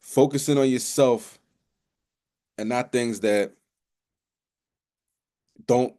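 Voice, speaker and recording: A man's voice: medium pitch, fairly even intonation, slow pace, mellow. A man giving a casual bible lesson, talking in a loose, conversational way with many restarts and repeated "you know"s. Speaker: religious teacher.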